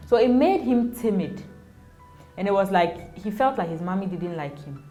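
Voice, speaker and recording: A woman's voice: medium pitch, animated, moderate pace, a little mellow, faint music behind. A young Ghanaian mother in a casual interview, speaking animatedly, often laughing and acting out quoted voices. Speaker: interview guest, mother of two.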